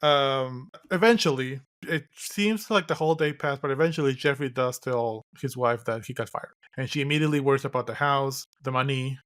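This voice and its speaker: Guy cohosting a pod, rambly and wry, lots of stops and restarts, mid pitch. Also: a little fast, hardly any pauses, a bit bright. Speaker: podcast co-host. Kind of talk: casual chat recapping a film.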